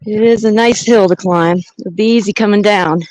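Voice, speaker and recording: A woman's voice: mid-range voice, moderate pace, darkish tone, no echo, poor audio. A woman vlogging outdoors on a mountain trail, chatting and thinking aloud into a handheld camera as she hikes. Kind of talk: casual walking vlog narration.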